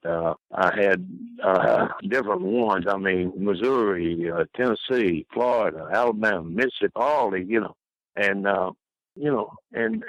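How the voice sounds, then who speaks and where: Older male guest, rambling storyteller who does high-voiced impressions of others, bright and dry. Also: no echo, poor audio. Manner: rambling anecdotes full of fillers; mimics people he quotes in high voices. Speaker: podcast guest. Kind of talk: storytelling interview.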